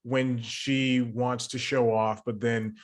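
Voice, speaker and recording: A male interviewer tells his own story in a casual chat. He rambles and restarts often, with an ordinary middle-pitched voice. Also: little pitch movement, takes it slowly.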